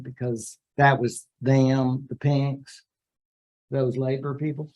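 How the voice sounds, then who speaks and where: A man's voice: mid-range voice, little pitch movement, slow, a little mellow, lo-fi sound. A man giving a university history lecture in a classroom, with joking asides and acted-out quotes of historical figures.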